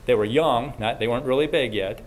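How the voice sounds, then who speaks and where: A man's voice: medium pitch, fairly quick. A man giving a casual talk to a live audience as a Christian speaker. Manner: casual, conversational, frequent restarts.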